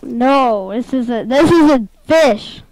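Excitable high-voiced woman playing games. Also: slow pace, no room sound, low-quality recording. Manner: excitable, giggly, talks to the game. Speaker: gameplay commentator. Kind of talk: casual gameplay commentary.

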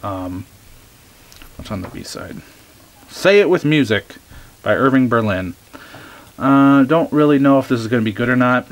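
A man chatting casually as he shows off his record finds, relaxed and eager, with many ums. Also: mid-range voice, measured pace, long pauses. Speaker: record collector showing finds. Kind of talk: casual show-and-tell vlog.

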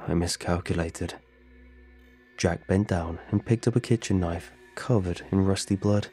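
A man narrating a horror story in a measured, somber, scripted delivery. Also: deep voice, dark tone, breathy edge, soft background music.

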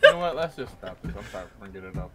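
A young man casually chatting while gaming, excitable and joking. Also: low-pitched, racing, background noise. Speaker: gamer.

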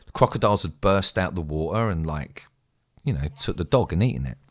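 Lively low-voiced English man. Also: a little fast. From England. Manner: animated, rambling, sweary. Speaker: streamer. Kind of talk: casual storytelling.

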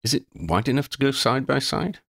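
A man's voice: mid-range voice, lively intonation, brisk, vocal fry, fairly bright tone, breathy edge, dry recording, studio quality, voice pushed up, exaggerated voice. Narrator doing a precise, courteous young man, helpful, storybook reading.

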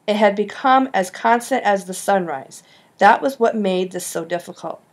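A woman reading a children's novel aloud, with lively shifts in pitch on the dialogue. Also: normal speed. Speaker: audiobook reader. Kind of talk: storybook narration.

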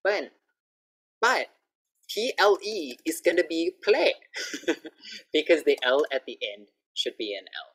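A woman teaching English pronunciation in an online lesson over a video call, patiently repeating each word clearly. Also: low-pitched, sing-song, unhurried.

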